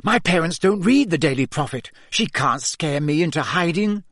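A man reading a story aloud, voicing a fierce, clever teenage schoolgirl in a high, indignant, sharp voice. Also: lively intonation, normal speed, no echo, studio quality. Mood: defiant.

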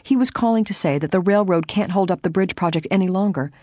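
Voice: mid-range voice, fast, a little mellow, no echo, studio quality, voice pushed up, natural voice. A reader voicing a blunt, indignant older woman housekeeper, in an audiobook.

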